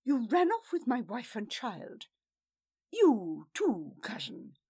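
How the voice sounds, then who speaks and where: Woman doing angry male lord, loud, commanding, accusing, storybook. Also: fairly high pitch, wildly swooping pitch, slow pace, husky, full character voice. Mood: furious.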